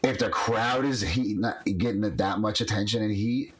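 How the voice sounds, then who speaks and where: A man co-hosting a podcast, a wrestler telling stories in casual chat, animated, with many restarts. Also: fairly low pitch, normal speed, a crowd in the background.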